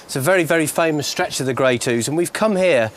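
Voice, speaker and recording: A man's voice: on the high side, quick pace, slight background noise. A man presenting a fishing show outdoors by the water, explaining things in an encouraging, matey way. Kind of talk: casual fishing commentary.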